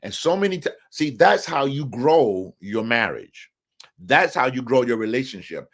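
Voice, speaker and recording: A man's voice: medium pitch, expressive, measured pace. A man hosting a live relationship show, talking emphatically and often asking the viewers questions. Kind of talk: live talk on marriage, preacher-like.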